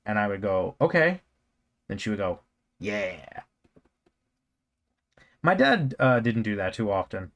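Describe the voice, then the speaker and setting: A man's voice: fairly low pitch, big pitch swings, a little fast, hardly any pauses, a bit bright. Rambling self-mocking man on a live stream. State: scratchy throat. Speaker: cartoonist streamer. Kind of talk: casual live-stream chat while drawing.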